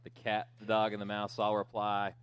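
A man preaching as pastor, telling a children's story with asides and jokes in a relaxed, conversational way. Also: lowish voice, normal speed, smooth. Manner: joking storyteller, lively and conversational. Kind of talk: sermon.

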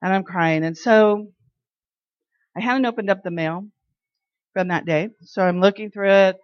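A woman sharing personal faith testimonies in an animated way, acting out the dialogue in her stories. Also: mid-range voice, unhurried. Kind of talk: personal devotional storytelling. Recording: dry, slightly dull lo-fi sound.

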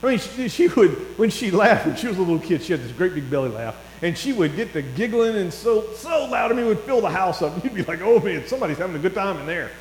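A middle-aged man preaching a sermon in a church, chatty and telling stories that swell into excited bursts. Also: high-pitched, fast, few pauses. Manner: conversational, rising to excited storytelling. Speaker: pastor. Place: church hall. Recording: echoey hall with faint mains hum.

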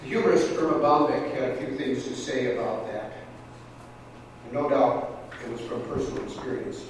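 A man preaching a sermon, chatty and a little halting, now and then acting out the voices in his stories. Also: mid-range voice, a little hiss or hum. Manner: conversational preaching with small restarts, acting out quoted voices. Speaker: pastor. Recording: echoey church hall from far off.

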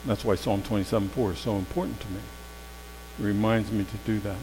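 A man preaching a sermon in a conversational storytelling way, swinging from loud emphasis to hushed tones. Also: on the low side, fairly even intonation, fairly quick. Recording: long hall reverb with faint mains hum.

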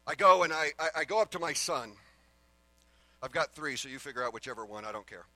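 A middle-aged man preaching a sermon as a pastor, swinging from loud emphatic declarations to quiet earnest asides. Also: mid-range voice, expressive, quick pace, no echo, low-quality recording.

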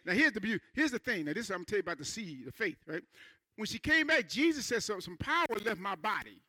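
Preacher guy with a high bright voice, folksy, gets the crowd to repeat after him. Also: big pitch swings, fast talker, no echo. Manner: call-and-response preaching, repeats phrases, swings from quiet asides to loud emphasis; folksy, says "man" and "ain't". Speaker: pastor. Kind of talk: sermon. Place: church sanctuary.

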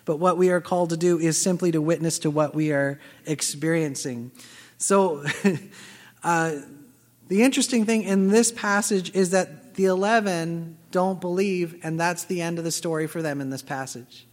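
A man's voice: a little high, moderate pace. A man preaching a sermon as pastor, telling a personal story and acting out the dialogue. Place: church sanctuary. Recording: long reverb of a large hall.

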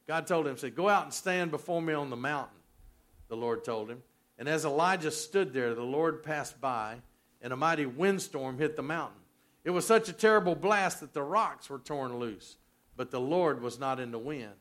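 A man preaches in a folksy pastor's manner. His voice sits a little higher than most men's. He swings from loud, emphatic lines down to soft near-whispers. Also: normal speed. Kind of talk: sermon.

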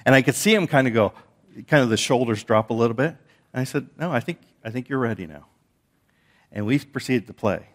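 A man's voice: medium pitch, animated, brisk. A man preaching a sermon, telling stories with frequent repeated words and restarts. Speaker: pastor.

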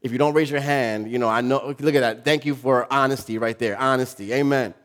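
A man preaching a sermon, telling a funny story and joking with his congregation, often repeating himself as he goes. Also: mid-range voice. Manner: lively, joking, talks to the congregation; halting, repeats words.

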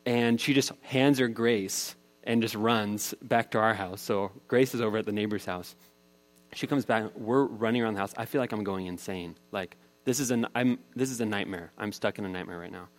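A man's voice: fairly low pitch, normal speed. Man in his thirties telling a sermon story. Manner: conversational storytelling, voice rising with the tension of the story. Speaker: pastor.

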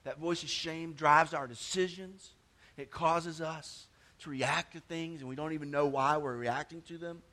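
A male pastor preaching a sermon, swinging between loud emphatic stretches and quiet low asides, often repeating words and restarting phrases. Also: fairly even intonation, unhurried.

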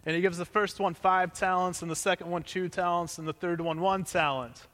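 A man's voice: high-pitched, fairly even intonation, brisk, a bit bright, in a large hall. A young male pastor telling a joking personal story as part of a sermon, in a conversational way.

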